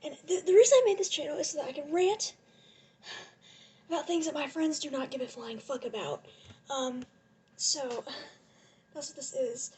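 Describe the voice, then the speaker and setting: High-voiced young woman ranting excitedly. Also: normal speed, pauses often, slight background noise. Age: young adult. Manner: excited, gushing, laughs often. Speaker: vlogger. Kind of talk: casual rambling rant. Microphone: phone propped on a lotion bottle.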